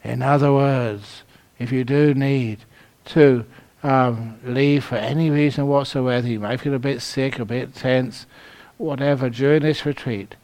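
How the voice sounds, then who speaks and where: A man's voice: medium pitch, steady tone, unhurried, darkish tone. A Buddhist monk from London giving a humorous dharma talk at a meditation retreat, telling stories and laughing at his own jokes. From London, England.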